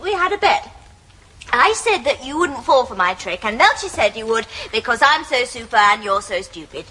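A woman's voice: fairly high pitch, big pitch swings, moderate pace, background noise. An actress playing a spoiled, taunting young queen who gloats in a sing-song voice, with studio audience laughter. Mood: gloating. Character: spoiled bratty young queen, gleeful prankster. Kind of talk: sitcom acting.

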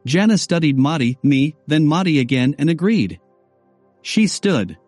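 Man reading an audiobook, slightly high. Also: a little slow, no echo, faint music behind. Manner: steady scripted reading. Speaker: audiobook narrator. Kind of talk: first-person audiobook narration.

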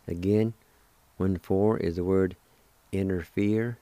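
Male lesson host from Oklahoma: unhurried, patient drilling of vocabulary, slightly low pitch, close and dry. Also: warm tone, dry recording. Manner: slow, careful, spells words letter by letter and repeats them; encouraging. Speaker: language teacher and show host. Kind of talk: recorded language lesson.

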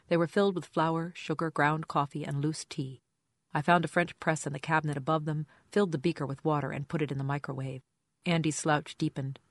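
An audiobook narrator reads a first-person detective story in a dry, wry, hard-boiled tone at a mid-level pitch. The recording is close and dry, with no room sound or echo.

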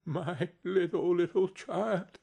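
A man reading aloud and voicing a kind, grieving father who speaks tenderly, in a husky, lively voice. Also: a little high, slow pace, dull audio, pitched above the performer's own voice, heavily acted. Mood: heartbroken. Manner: tender, breaking. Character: grieving poor clerk father, kind and broken.

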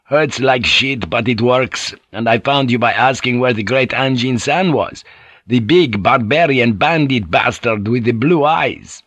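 A man's voice: medium pitch, measured pace, fairly bright tone, dry recording, pitched above the performer's own voice. A man voicing a brawny, swaggering Portuguese sailor who talks coarse and boisterous.

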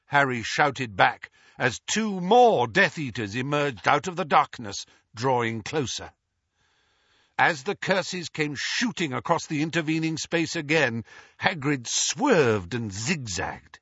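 A man narrating an audiobook in a dramatic, expressive reading. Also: mid-range voice, slow pace, husky, no room sound, dull audio.

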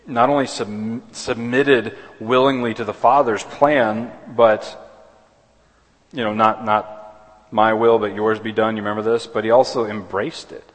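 Pastor guy preaching in a big echoey church, lowish voice, keeps restarting. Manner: earnest, with many restarts and repeated words. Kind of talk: sermon. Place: church sanctuary. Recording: long hall reverb.

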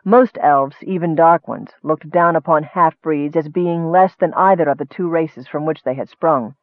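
A man reading a fantasy novel aloud in steady, measured narration. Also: on the high side, no echo. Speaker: audiobook narrator. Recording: thin phone-like dry sound.

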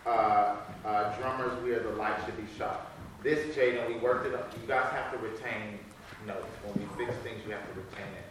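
A man giving rehearsal notes to a cast as director, halting and restarting but insistent. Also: lowish voice, fairly even intonation. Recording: echoey room, taped from far off, very noisy.

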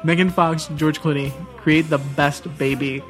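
A young man co-hosting a podcast, riffing in casual comedic banter with a deadpan absurd streak. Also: a little high, measured pace, soft background music. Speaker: podcast co-host.

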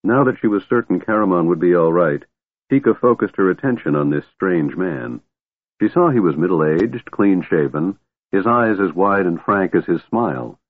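A man's voice: low voice, lively intonation, normal speed, no room sound. A man narrating a fantasy audiobook with an intense, dramatic delivery. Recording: tinny phone-like dry sound.

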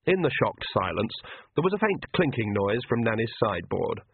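Husky male narrator with a lively voice. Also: fairly low pitch, normal speed, no echo. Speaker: audiobook narrator. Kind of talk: scripted narration. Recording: tinny phone-like dry sound.

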